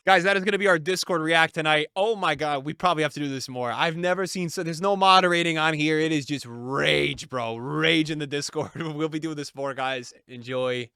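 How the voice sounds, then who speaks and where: A young man giving casual, animated reaction commentary, reading chat messages aloud and laughing often as he reacts. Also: fairly high pitch, a little fast, vocal fry, hardly any pauses, clear, resonant tone, no room sound, clean studio sound. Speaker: gaming content creator.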